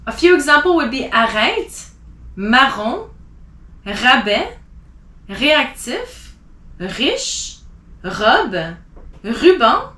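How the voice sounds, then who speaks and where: A woman teaching a language lesson, slowly drilling pronunciation of example words and explaining each one carefully. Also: high voice, bright, forceful tone, reverberant. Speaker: French teacher.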